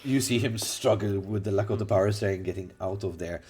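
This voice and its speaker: Deep-voiced man narrating as game master. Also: mellow, slightly rough. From Malta. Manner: halting, full of fillers and restarts.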